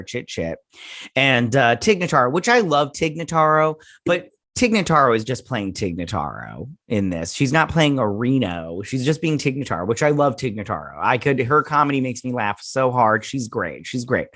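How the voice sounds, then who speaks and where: A man's voice: medium pitch, fairly bright tone, dry recording. Guy doing a snarky tv review, lots of ums and laughs, dry close sound. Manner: sarcastic, mocking, laughs often, many fillers. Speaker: YouTube host reviewing a TV episode. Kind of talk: casual spoken review.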